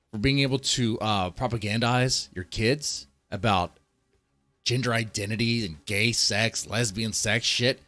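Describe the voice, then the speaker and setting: A man's voice: medium pitch, fairly bright tone, dry recording. A man ranting in heated, profane political commentary, swearing often and reading articles aloud between outbursts.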